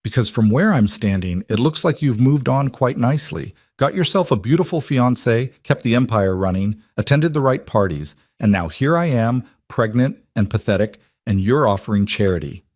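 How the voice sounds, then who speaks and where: A man's voice: mid-range voice, expressive, moderate pace, hardly any pauses, darkish tone, no echo, studio quality, natural voice. A man voicing a proud, wary pregnant young woman who speaks bitterly and defiantly.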